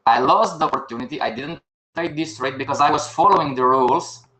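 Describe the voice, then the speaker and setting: Older male instructor, slightly high voice, live class, quizzes his students then answers them himself. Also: brisk, pushed and bright. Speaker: trading instructor. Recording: echoey room.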